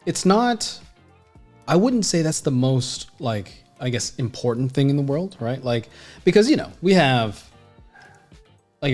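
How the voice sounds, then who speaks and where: A mid-range, slightly mellow male voice belongs to an art instructor and designer teaching on a livestream. He talks casually and bluntly, swearing a lot and leaning on fillers like "you know what I mean." His delivery is emphatic and rambling, with constant restarts.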